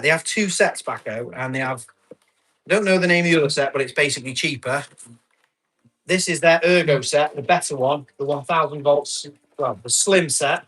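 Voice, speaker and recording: Chatty bright-voiced man selling tools. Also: on the high side, normal speed. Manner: chatty, laughs often, reads out bids and comments. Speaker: live auction seller. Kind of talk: casual live-stream selling chat.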